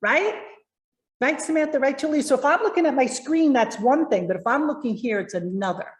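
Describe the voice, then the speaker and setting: Lively woman coaching on a video call. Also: high voice, a little fast, roomy sound. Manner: lively, encouraging, addresses viewers directly. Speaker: presentation coach.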